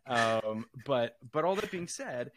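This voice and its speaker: Man, podcast guest, casual chat, rambling, opinionated, swears, mid pitch. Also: very animated, slow pace, a little hiss or hum.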